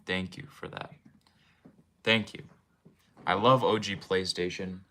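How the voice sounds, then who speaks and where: A young man with a low, steady, unhurried voice and a sharp tone streams from his room at home, where game shelves stand. He rambles casually and chats with his viewers in a relaxed way.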